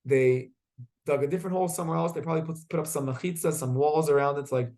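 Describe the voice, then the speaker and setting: A man teaching a class, asking students questions and telling stories in a lively way. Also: a little high, fast. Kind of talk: classroom lesson with storytelling.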